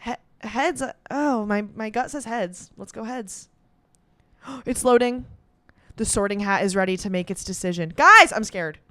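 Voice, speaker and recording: A woman's voice: medium pitch, moderate pace, no room sound. A young woman chatting casually and reacting as she goes, swearing and laughing often. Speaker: comedian doing a quiz on camera. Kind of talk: casual solo chat.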